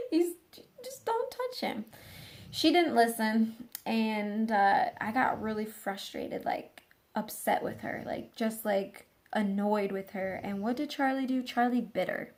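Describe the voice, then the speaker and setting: A woman's voice: a little high, measured pace. A woman dog trainer casually telling a rambling story, full of fillers and restarts.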